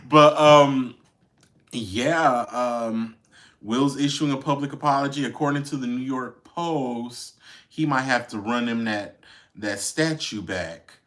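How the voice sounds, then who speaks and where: A man's voice: medium pitch, slow, fairly bright tone. A man hosting a podcast, chatting casually and wryly about celebrity news. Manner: chatty and wry, with lots of fillers and laughs. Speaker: podcast host. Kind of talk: casual gossip commentary.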